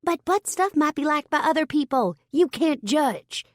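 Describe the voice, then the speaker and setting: A woman narrator voicing a blunt, oddball woman mortician coworker in an audiobook, pitched high and deadpan. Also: moderate pace, dry recording, studio quality.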